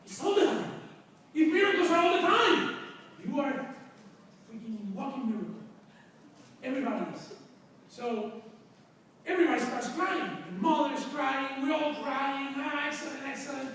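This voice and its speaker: A man with a Spanish accent tells his story to a live audience, bursting out loud now and then. His voice sits high, and it comes from far off in a big echoing hall with long reverb. A faint hiss runs underneath. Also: lively intonation, normal speed, pauses often. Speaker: chiropractor speaking to an audience. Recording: echoey hall recorded from far off.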